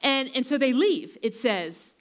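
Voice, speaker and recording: A woman preacher retelling a story in a sermon, emphatic, repeating phrases and slowing down to stress key lines. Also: sits high, animated.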